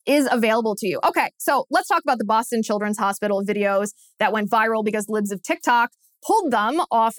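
A woman's voice: mid-range voice, no echo, studio quality. A woman hosting a political podcast, talking in a scornful, mocking way and hammering points home with repeated phrases. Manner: emphatic, repeats phrases for effect. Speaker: podcast host. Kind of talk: opinionated political commentary.

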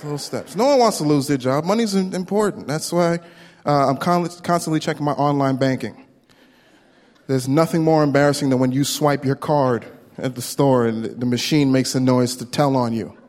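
A man doing a stand-up comedy set, telling a story with quick voice impressions into a handheld stage mic at a live venue. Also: mid-range voice, a little mellow. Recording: long hall reverb, faint room noise.

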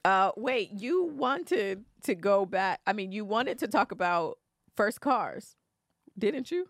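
A woman co-hosting a podcast, reacting to a story with quick quips and laughter. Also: medium pitch, expressive, dry recording, clean studio sound. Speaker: podcast co-host. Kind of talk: casual chat.

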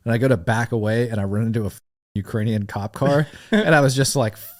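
A middle-aged man telling a wild story in casual podcast chat, animated and profane, laughing as he goes. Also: medium pitch, fast. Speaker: podcast guest.

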